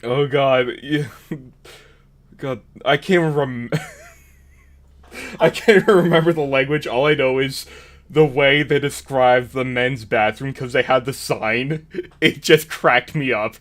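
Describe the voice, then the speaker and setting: Slow-talking male streamer. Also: mid-range voice. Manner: chatty, laughs easily. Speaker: streamer host. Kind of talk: casual stream chat.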